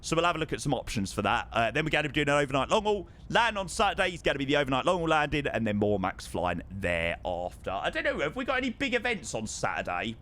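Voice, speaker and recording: A man streaming live over a flight simulator, effusive and excitable, thanking his chat again and again. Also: on the high side, fast talker, hardly any pauses, a little hiss or hum. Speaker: livestreamer.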